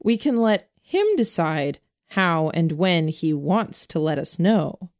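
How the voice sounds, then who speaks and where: A woman voicing a calm, principled young man who speaks in a measured, quiet way. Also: lowish voice.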